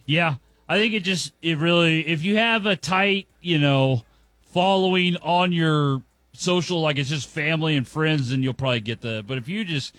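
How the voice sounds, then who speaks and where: A man co-hosting a casual podcast chat, wry and quick to tease. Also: fairly high pitch, fairly bright tone, no room sound. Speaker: podcast co-host.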